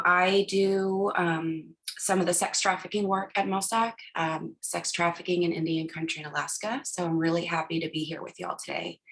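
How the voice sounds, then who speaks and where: Upbeat woman moderating a video panel. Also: lowish voice. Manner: upbeat, introduces others. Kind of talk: casual panel conversation on a video call. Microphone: video call.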